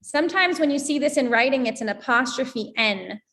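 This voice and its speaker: An American woman, an English teacher and guest, explaining pronunciation in a lively way and demonstrating with examples. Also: high-pitched, normal speed. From United States. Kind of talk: explanatory conversation.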